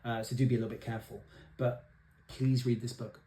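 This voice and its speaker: A man's voice: mid-range voice, level tone, fairly quick. A young man, an actor by training, giving a thoughtful casual book review with many ums and uhs. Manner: thoughtful, soft-spoken, many fillers.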